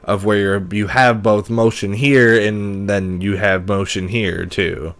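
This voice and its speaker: Easygoing low-voiced man. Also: slow pace. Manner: relaxed, laughs often. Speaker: podcast co-host. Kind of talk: casual gaming chat.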